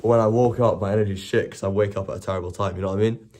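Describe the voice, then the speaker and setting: A man's voice: lowish voice, fairly even intonation, very fast, a little mellow, a little hiss or hum. A young man chatting casually on a live stream, rambling, correcting himself and swearing often. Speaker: IRL streamer.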